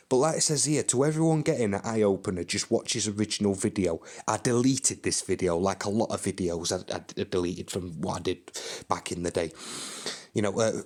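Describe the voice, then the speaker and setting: A man's voice: on the low side, normal speed. A young man ranting in a fight promo vlog, swearing hard and trash-talking his opponent. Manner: swearing, aggressive trash talk.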